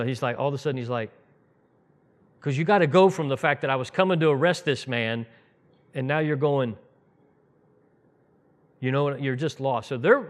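A man delivering a casual, storytelling sermon to his congregation. His voice sits a little high for a man, and he talks in an animated way, restarting sentences and slipping into the voices of the people in the story. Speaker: preacher teaching the congregation. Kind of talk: conversational sermon with Bible storytelling.

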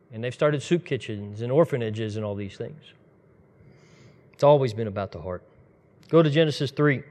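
A man delivers a sermon in a relaxed, conversational style. His voice sits at an ordinary middle pitch, and he slips into quick bursts as he tells a story. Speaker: pastor.

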